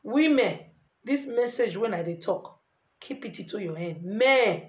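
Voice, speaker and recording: A middle-aged woman with a Nigerian Pidgin English accent, earnestly giving lively advice in a casual vlog. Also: mid-range voice, measured pace. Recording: echoey room.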